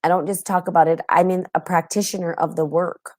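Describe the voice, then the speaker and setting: A tired, yawning woman hosts a casual spiritual podcast in front of a live audience, chatting with many ums and frequent laughs. Her voice is fairly low and dark, fairly quick and fairly even in intonation. The sound is clean studio quality with no room sound.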